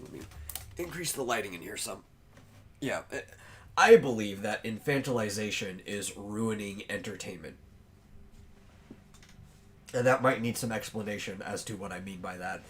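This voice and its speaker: A man hosting a casual podcast, thinking aloud as he talks, with many pauses and fillers. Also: on the low side. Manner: chews on bread while talking. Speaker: podcast host.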